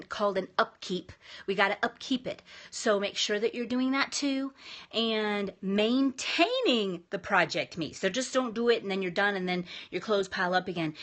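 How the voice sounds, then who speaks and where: A woman's voice: mid-range voice, a bit bright. A woman in her thirties giving a casual, emphatic motivational talk as a vlogger, chatty and upbeat with frequent restarts.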